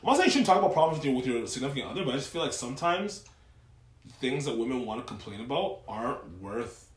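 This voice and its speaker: Fast, profane young man chatting. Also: mid-range voice, very animated. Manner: profane, rambling, lots of "like". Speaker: podcast co-host. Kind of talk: casual podcast chat. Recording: echoey room.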